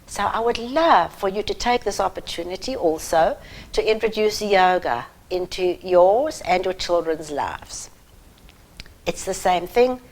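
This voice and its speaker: A middle-aged woman giving a deliberate, emphatic talk to parents, pausing between phrases. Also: lowish voice, rough recording. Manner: measured and emphatic, with long pauses between phrases. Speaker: parenting educator.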